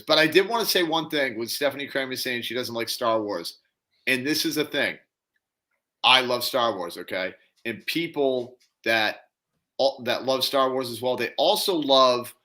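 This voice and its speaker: A man co-hosting a casual chat show, enthusiastic and relaxed. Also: medium pitch. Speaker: co-host.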